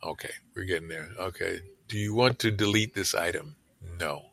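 With a low, gravelly and fairly bright voice at a normal speed, an older man tells rambling stories in an interview over a call. His casual storytelling is full of fillers, asides and laughs.

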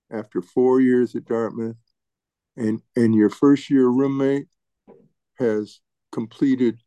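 An older man reminiscing as an interviewee, halting and often restarting and repeating his words. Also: medium pitch, warm tone, dry recording. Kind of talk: reminiscing storytelling.

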